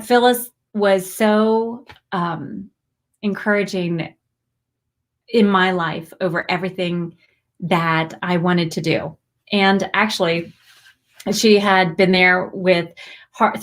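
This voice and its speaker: A woman, hosting a spiritual livestream, talking heartfelt and rambling, with bursts of excited greetings. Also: lowish voice. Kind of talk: emotional live stream chat.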